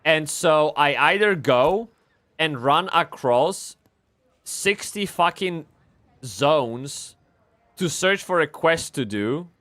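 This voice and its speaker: A man streaming a game live, rambling and swearing as he swings from excited yelling to low muttering. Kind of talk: live gameplay commentary.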